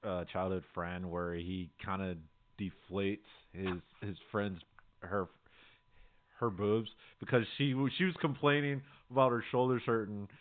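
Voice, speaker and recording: A man's voice: fairly low pitch, steady tone, a little slow. A man co-hosting a podcast, talking in a laid-back, rambling way and laughing often. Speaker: podcast co-host. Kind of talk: casual chat. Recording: tinny phone-like audio.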